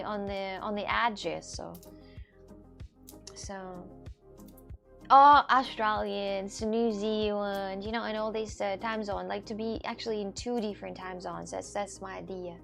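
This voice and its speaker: A woman's voice: medium pitch, steady tone, moderate pace, vocal fry, fairly bright tone, faint music behind. A woman in her twenties chatting casually with her viewers on a live stream, rambling from one thought to the next. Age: 20s.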